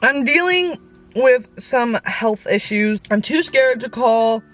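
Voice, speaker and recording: Her voice is a little high, animated, slow, and fairly bright as this young Christian influencer in her late teens films a casual confessional vlog in her car. Recorded on an on-camera mic, she vents to her viewers in a candid, rambling way.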